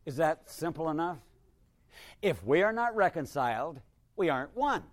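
Older guy priest giving a sermon, chatty and wry, kinda high voice, gets emphatic then goes quiet. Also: sing-song, normal speed, no echo. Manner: conversational, wry, rises to emphatic bursts then drops quiet.

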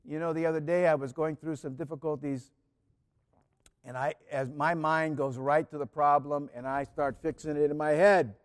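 A man preaching a sermon in an earnest way, repeating key phrases and often dropping to a soft, quiet voice. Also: fairly high pitch, fairly even intonation, normal speed, long reverb tail.

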